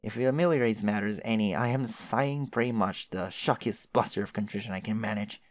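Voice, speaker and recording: A man's voice: lowish voice, brisk, no room sound, lightly acted. A man voicing a chatty, oblivious young male adventurer who rambles with old-fashioned folksy exclamations. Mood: confused.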